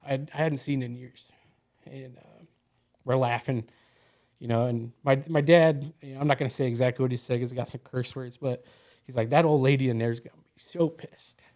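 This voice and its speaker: A man's voice: mid-range voice, darkish tone. Rambling man telling a story. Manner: rambling, full of "you know" and "like". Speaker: podcast guest. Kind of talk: casual storytelling.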